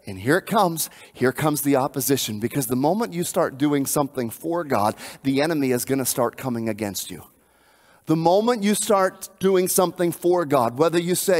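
A male pastor preaching a sermon, animated and emphatic, repeating phrases for emphasis. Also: fairly high pitch, fairly quick.

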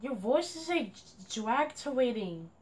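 Frustrated young female gamer, slow talker. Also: on the high side, sing-song. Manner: frustrated, complaining, shouting at a teammate. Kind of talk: gameplay commentary.

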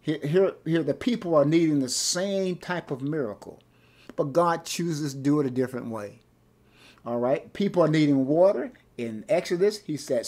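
A male pastor teaching a Bible class, animated, often repeating words and asking rhetorical questions. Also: fairly high pitch, normal speed.

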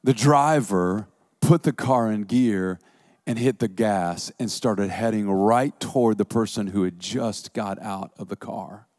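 Slow, dry-voiced pastor telling a story. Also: male voice, lowish voice, a little mellow, dry recording. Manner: vivid storytelling with dramatic swings. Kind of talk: sermon.

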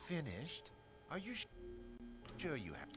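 An actor playing a portly, courteous merchant in a video game, speaking smoothly and slyly. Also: male voice, fairly high pitch, wildly swooping pitch, a little slow, music in the background. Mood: genteel salesman. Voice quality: smooth, polite and sly. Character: portly courteous male merchant, sly and genteel.

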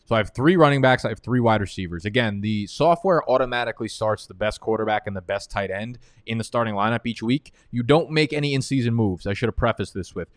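A man hosting a live fantasy football mock draft, talking fast and excitably and breaking into frustrated, profane rants. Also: mid-range voice, no room sound. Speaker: fantasy football analyst host.

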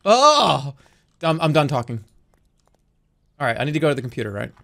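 A man in his thirties streaming a game live, talking in an animated, rambling and profane way. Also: medium pitch, fast talker, vocal fry. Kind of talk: live gameplay commentary.

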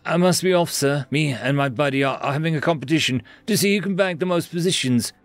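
A man's voice: a little high, quick pace, no echo, soft background music, voice pushed up, lightly acted. A man voicing a cheerful, reckless human soldier who talks casually and shrugs off danger.

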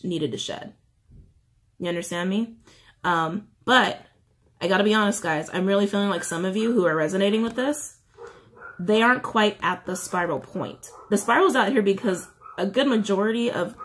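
A woman's voice: on the low side, husky. A woman giving a casual tarot reading, reading guidebook passages aloud and then explaining them in a chatty way with frequent fillers. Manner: chatty, reads card texts slowly then explains with lots of "like" and "um". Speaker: tarot reader.

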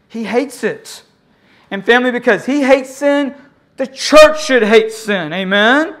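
A pastor preaching an impassioned sermon, calling for amens from the congregation and swinging between loud cries and hushed, low lines. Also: measured pace. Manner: call-and-response with the congregation.

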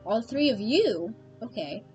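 Young female streamer, bit high-pitched, bubbly and laughing, game music playing faintly underneath. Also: measured pace, highs cut off. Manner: excitable, laughing, addresses chat. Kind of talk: casual game commentary.

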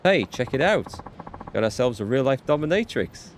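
A man reading the lines of a crude, loudmouthed male street thug from a game, in a coarse and taunting way. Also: mid-range voice, very animated, normal speed, a little hiss or hum, voice pushed up, lightly acted. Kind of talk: reading game subtitles aloud.

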